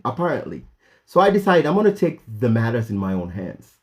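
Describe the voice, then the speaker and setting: Mellow-voiced Kenyan man telling a story. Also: fairly quick. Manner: animated retelling, voice jumps high when quoting himself; many fillers and restarts. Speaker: vlogger. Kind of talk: storytelling vlog.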